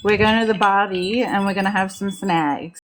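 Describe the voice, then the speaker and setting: A woman's voice: medium pitch, fairly even intonation, normal speed, a little hiss or hum. Australian woman, casual livestream chatter, teasing coach. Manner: laughs often, coaching others through phrases. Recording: livestream call audio.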